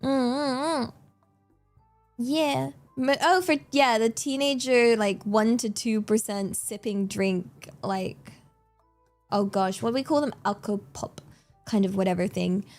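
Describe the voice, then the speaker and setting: A young woman streaming, chatting casually in a giggly, animated, exclamatory way. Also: on the high side, takes it slowly, faint music behind. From England. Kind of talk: casual chat.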